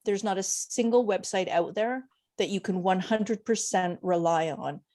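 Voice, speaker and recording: A woman co-hosting a travel podcast, talking in an emphatic, animated way. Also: medium pitch, moderate pace. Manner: emphatic and heartfelt, animated storytelling. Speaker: podcast co-host. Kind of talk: casual chat.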